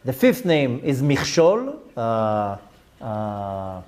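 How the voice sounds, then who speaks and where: A man's voice: medium pitch, huge pitch swings, very slow, a little mellow. A man, a rabbi giving a Torah lecture to a class, explaining step by step with terms and side notes. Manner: explanatory, with Hebrew terms and frequent asides.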